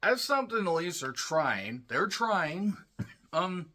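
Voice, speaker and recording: A man giving a solo review, talking in a sarcastic, profane, ranting way with frequent asides and throat-clearing. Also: sits high, very animated, slow pace, sharp tone. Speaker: wrestling show reviewer.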